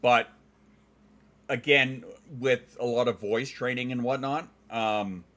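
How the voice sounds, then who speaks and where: A middle-aged man with a Western Canadian accent, chatting casually on a stream, joking and enunciating clearly like a trained former DJ. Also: medium pitch, fairly even intonation, takes it slowly, a bit bright. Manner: joking, dad jokes. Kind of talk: casual chat reading viewer comments.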